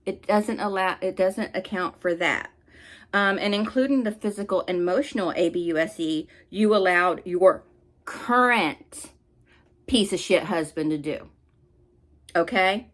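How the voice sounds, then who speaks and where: A woman's voice: medium pitch, unhurried, a bit bright. Angry woman ranting with heated scolding. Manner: heated, scolding, blunt with swearing. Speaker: commentary channel host.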